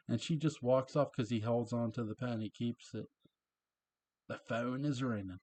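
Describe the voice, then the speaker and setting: A man's voice: medium pitch, fairly even intonation, normal speed, long pauses, a little mellow, no room sound. A man casually recapping and reviewing a TV episode, chatty and chuckling at his own asides.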